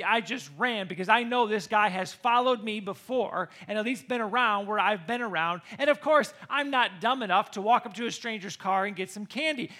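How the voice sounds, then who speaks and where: A middle-aged American man preaching a sermon, telling a personal story with animated, excited bursts. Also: high-pitched. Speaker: pastor.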